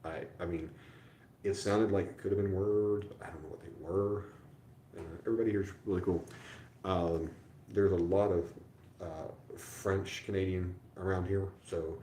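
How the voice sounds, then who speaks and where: A man's voice: deep voice, dark tone, echoey room, slight background noise. A tired, sore middle-aged man chatting casually on a livestream from a hotel room, rambling and self-deprecating with lots of fillers. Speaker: livestream host. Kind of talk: casual rambling live chat.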